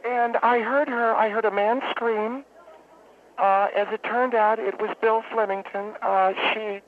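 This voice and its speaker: A woman calling in to a radio show, telling a long story in a halting, rambling, deadpan way. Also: a little high. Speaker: radio caller. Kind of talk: phone-in storytelling. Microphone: telephone. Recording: tinny phone line with faint hiss.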